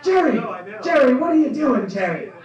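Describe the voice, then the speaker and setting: A man's voice: very high-pitched, big pitch swings, normal speed, darkish tone, pitched above the performer's own voice. A man voicing a whiny, anxious middle-aged male sidekick who pleads in an echoey room. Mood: whining. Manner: pleading, whining. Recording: echoey club room, distant dull mic.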